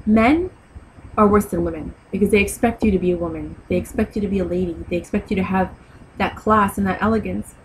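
A woman's voice: mid-range voice, fast, rough recording. Woman vlogging, sassy and blunt, lecturing you on manners, bit of faint hiss behind. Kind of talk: casual advice vlog.

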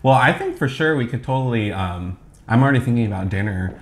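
A man's voice: mid-range voice, expressive, fast, a little hiss or hum. A man co-hosting a casual eating video, chatting in an upbeat way and laughing often. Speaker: co-host. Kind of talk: casual mukbang chat while eating.

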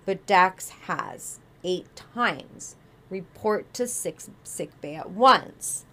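A woman's voice: on the low side, lively intonation, very slow, fairly bright tone, exaggerated voice. A woman reading aloud as a stern, logical female Vulcan officer, clipped and formal.

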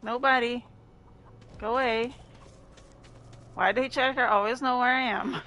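Female streamer, bright tense voice, slow jumpy live commentary, faint game noise behind. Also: on the high side, steady tone, poor audio. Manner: jumpy, laughing, swearing, talks to herself. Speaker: gamer streaming gameplay.

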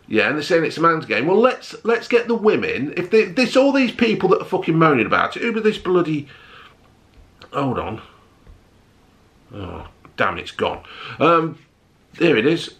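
A middle-aged man, ranting bluntly to camera in a vlog, swearing heavily and flaring up loudly. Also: a little high, huge pitch swings, measured pace, pauses often. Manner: blunt, heavy swearing, rising to shouty outbursts. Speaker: vlogger.

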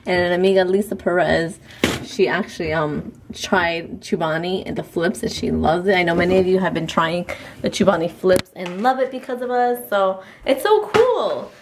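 A woman's voice: on the low side, normal speed. Chatty woman vlogging on a noisy camera. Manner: chatty and expressive, dropping in Spanish words. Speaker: family vlogger. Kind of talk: casual daily vlog to camera. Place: home, then outdoors on a city street. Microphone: handheld vlog camera.

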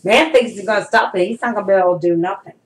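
A middle-aged woman preaching in a loose, conversational way, leaning hard on her warnings and calling her listeners saints. Her voice sits in an ordinary middle pitch for a woman. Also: rapid-fire, rough recording. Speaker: prophetess preaching to followers. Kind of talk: informal prophetic sermon to camera.

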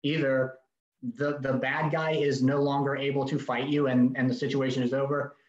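A man's voice: medium pitch, flat delivery, normal speed. A man teaching a safety seminar in a direct, emphatic way, acting out short exchanges. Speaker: safety instructor. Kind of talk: recorded training seminar. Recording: dull roomy recording.

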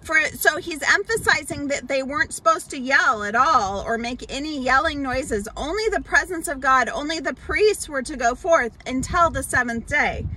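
High, lively woman telling a Bible story. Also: slight background noise, low-quality recording. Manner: animated, explains slowly with many fillers and restarts. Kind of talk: children's sermon storytelling.

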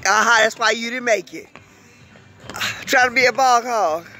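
A woman's voice: fairly high pitch, moderate pace, bright, forceful tone, soft background music. An older woman, a grandmother, cheering on and teasing children during a casual game, playful and encouraging. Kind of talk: casual family play.

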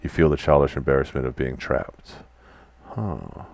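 In this casual let's-play, a man with a bass voice and vocal fry reads a text adventure's text aloud at a moderate pace, chatting between commands and quietly muttering what he types. A little hiss or hum sits under the audio.

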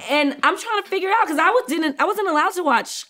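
A woman's voice: extremely high pitch, animated, fast talker, pushed and bright. A woman co-hosting a casual chat, chatty and rambling through asides. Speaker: co-host.

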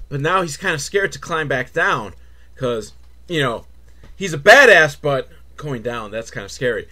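Comic male reviewer, mocking and profane, slightly high voice with big pitch swings. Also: a little slow. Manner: sarcastic, swears, mocking kid-show cheer; swings between flat mutter and shrill excitement. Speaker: movie reviewer. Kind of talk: comedic movie recap.

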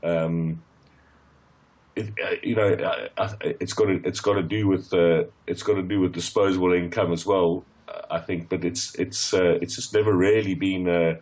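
A man's voice: low-pitched, steady tone, normal speed, a little mellow. A man from South Africa talking as a football pundit on a radio phone-in, with frequent restarts and fillers. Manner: hesitant, many restarts and fillers.

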